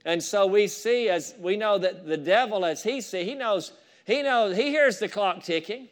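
High-voiced fervent male preacher. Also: moderate pace. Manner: fervent preaching with rising shouts of praise and asides to the congregation. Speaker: pastor. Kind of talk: sermon.

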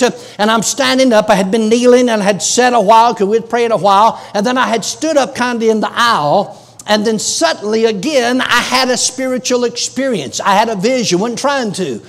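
A man preaching a Pentecostal sermon, fervent and often shouting, with frequent "uh" fillers. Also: extremely high pitch, creaky.

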